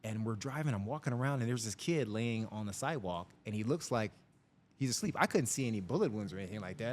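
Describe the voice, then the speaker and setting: A middle-aged man, a police officer, telling stories from the job in a casual interview, lively and acting out the people in them. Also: mid-range voice, fast, noisy background. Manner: animated storyteller, voices people in his anecdotes.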